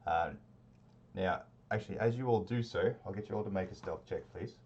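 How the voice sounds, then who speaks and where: A man narrates a tabletop game as game master, loose and rambling, with plenty of ums and restarts. His voice sits low. The stream audio is dull and lo-fi. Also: a little fast. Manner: relaxed, rambling narration with many fillers.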